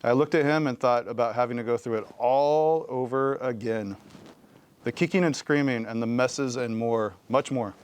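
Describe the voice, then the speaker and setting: Man reading a kids' novel aloud, expressive, smooth resonant voice. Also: medium pitch, moderate pace. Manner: expressive storytelling. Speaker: guest reader.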